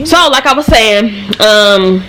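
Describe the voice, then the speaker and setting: A young woman vlogger telling a casual, profanity-laced story in slang, animated and fast-moving. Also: mid-range voice, soft background music.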